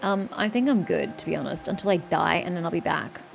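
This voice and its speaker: A woman's voice: on the low side, animated, a little fast, creaky, music in the background. A woman playing a story game, chatting and thinking aloud with casual swearing. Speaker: gamer. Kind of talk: let's play commentary.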